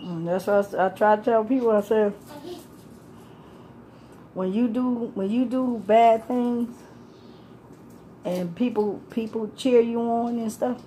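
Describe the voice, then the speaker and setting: A woman with a mellow, dark tone tells her story in a loose, rambling way. She laughs often, swears freely and keeps circling back on herself. A faint hum of background noise sits behind her voice. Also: fairly high pitch, measured pace, pauses often. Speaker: homeless person telling her story. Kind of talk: casual rambling street talk.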